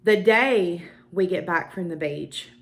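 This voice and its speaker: A young woman with a Southern US accent takes it slowly, speaking at a fairly low pitch. She's a beauty vlogger chatting to her viewers, telling a personal story casually to camera with emphatic asides.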